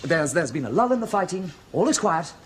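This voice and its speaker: An actor playing a fussy, effusive amateur theatre director who stammers and repeats himself. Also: male voice, fairly high pitch, sing-song, a little fast. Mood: gushing. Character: fussy, gushing male amateur stage director. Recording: noisy old television sitcom recording.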